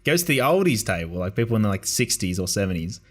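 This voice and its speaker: A man's voice: fairly low pitch, sing-song, fast. A man in his twenties hosting a podcast, telling rambling anecdotes in casual chat and acting out the quoted people. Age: 20s. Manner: rambling anecdotes with acted-out quotes and frequent laughter. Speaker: podcast host.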